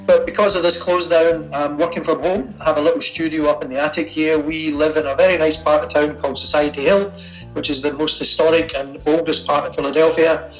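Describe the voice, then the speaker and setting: A man's voice: on the high side, level tone, a little fast, a bit bright, soft background music, low-quality recording. A man from Scotland with a Scottish accent, a sculptor chatting easily as a guest in a remote interview from his attic studio at home. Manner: easygoing, chatty, laughs easily. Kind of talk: casual interview over a call. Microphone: remote call.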